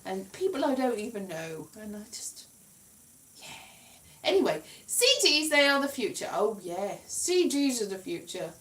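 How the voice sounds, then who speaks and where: Rambling, self-mocking woman with a lively voice. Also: medium pitch, moderate pace, reverberant, far from the mic. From Wales. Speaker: comedian. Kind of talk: casual livestream chat.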